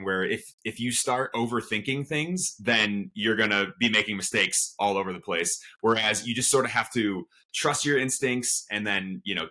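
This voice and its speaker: A man's voice: on the low side, sharp tone. A man speaking as a podcast guest in casual chat, sharing reflective, earnest opinions.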